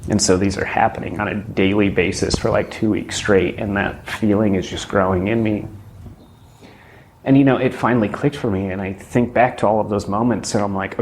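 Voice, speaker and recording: Low-voiced man giving an earnest testimony. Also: fairly even intonation, moderate pace, slight background noise. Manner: reflective, earnest, frequent "you know" and "right?". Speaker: former student turned staff member. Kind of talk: personal testimony.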